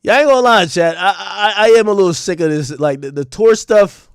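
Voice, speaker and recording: A young man with a high voice rants to his live chat in a casual, profane way. He is animated and joking, and he breaks into loud outbursts. The sound is close and dry, with no room in it. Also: brisk, clear, resonant tone, no echo. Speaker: streamer.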